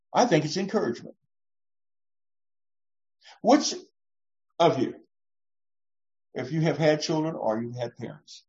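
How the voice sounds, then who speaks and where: A woman pastor giving a conversational, reassuring sermon, acting out short voices as she goes. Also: sits low. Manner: warm, reassuring, often acts out voices. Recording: dull lo-fi recording.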